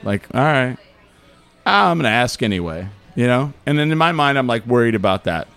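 A man's voice: mid-range voice, brisk, vocal fry, clean tone. A man from Albuquerque, a podcast guest, telling stories in casual chat and acting out the quotes, with lots of fillers. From Albuquerque, New Mexico. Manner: animated storyteller acting out quotes, many fillers.

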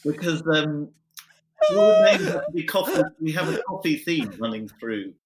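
British podcast host, very lively pitch. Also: male voice, normal speed, heavy background noise. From Britain. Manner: teasing, chatty, wry. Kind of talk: casual podcast interview.

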